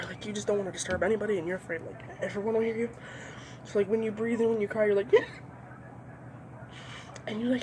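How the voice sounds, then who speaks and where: A young woman rants through a comedy bit, swearing freely and slipping into little voices for the people she mocks. Her pitch sits in a middling range, and a faint hiss runs behind her. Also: a little mellow. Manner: profane, ranting, acts out voices. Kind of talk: comedic monologue.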